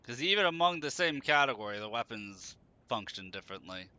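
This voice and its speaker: A man's voice: mid-range voice, sing-song, brisk, bright, forceful tone, smooth, no echo, dull audio. A tired man chatting casually as he plays a game on stream, talking back to the characters on screen. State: tired, running on caffeine. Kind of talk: casual gameplay commentary.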